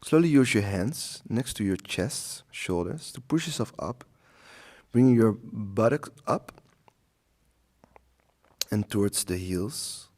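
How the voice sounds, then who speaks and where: A man teaching a slow yoga class, guiding the poses and the breath in a calm, soothing way with long pauses. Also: on the low side. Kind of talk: guided yoga instruction.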